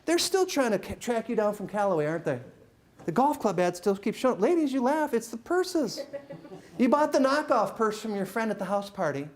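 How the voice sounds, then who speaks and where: A middle-aged man working a live audience as a motivational speaker, his pitch leaping up and down as he jokes. He teases the room with rapid questions and playful asides. The delivery is loose, lively and conversational. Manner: animated, jokey, teasing the crowd with quick questions. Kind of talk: live stage talk to an audience.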